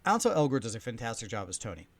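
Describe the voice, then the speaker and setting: A man in his thirties or forties hosting a podcast, ranting excitedly in a movie review, swinging between loud emphasis and soft asides. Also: medium pitch, very fast. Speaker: podcast host, film reviewer.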